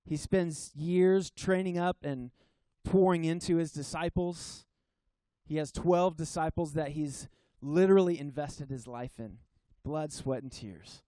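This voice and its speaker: A pastor preaching to his church in a fairly high man's voice, earnest and emphatic. He leans on key phrases by slowing down and sometimes stumbles and restarts mid-sentence. The sound is dry and close. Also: warm tone, no room sound. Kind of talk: sermon. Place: church service.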